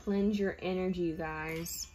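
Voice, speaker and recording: A woman's voice: fairly low pitch, fairly even intonation, a little slow, darkish tone, a little hiss or hum, low-quality recording. A woman giving a casual tarot card reading, speaking earnestly and chattily to her viewers as "you guys". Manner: earnest, spiritual advice-giving.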